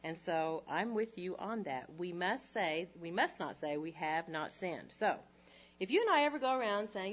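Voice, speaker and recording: Lively middle-aged woman teaching the Bible. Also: on the low side, normal speed, dull audio. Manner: lively, conversational, with rhetorical questions. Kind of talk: Bible teaching to a women's group. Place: room with a live audience.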